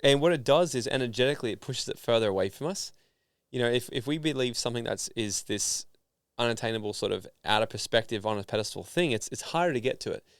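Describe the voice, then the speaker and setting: An Australian man telling stories in a casual interview, animated and full of fillers. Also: mid-range voice, quick pace, clean tone, no echo, studio quality. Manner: animated storyteller, filler-heavy. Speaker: podcast guest, founder and speaker.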